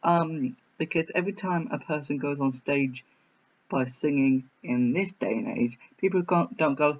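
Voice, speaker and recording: A man's voice: fairly high pitch, normal speed. A man reviewing a film in a casual reaction video, rambling and hesitant with many restarts. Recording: slightly muffled.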